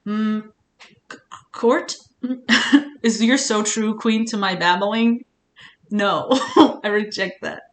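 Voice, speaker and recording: A woman's voice: medium pitch, slow. A woman streamer chatting casually on a live stream, rambling with many restarts and sounding earnest and emotional.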